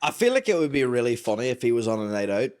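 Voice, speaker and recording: A man's voice: mid-range voice, very animated, very fast, a little mellow. Sweary Northern Irish storyteller, man. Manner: sweary storyteller acting out quotes. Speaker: co-host. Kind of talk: casual chat.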